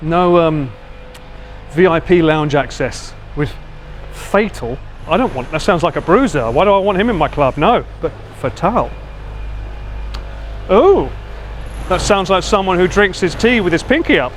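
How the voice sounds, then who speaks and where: Essex man, IRL streamer, high animated voice, playful teasing banter, faint street noise behind. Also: measured pace. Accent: Essex English. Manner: lively, laughing, teasing banter with swearing. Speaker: IRL livestreamer. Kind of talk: casual chat with viewers. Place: outdoors walking city streets.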